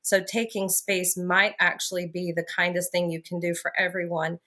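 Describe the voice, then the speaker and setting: Woman co-host, lowish voice, calm, reflective, reassuring talk. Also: normal speed. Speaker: podcast co-host. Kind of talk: casual faith podcast conversation.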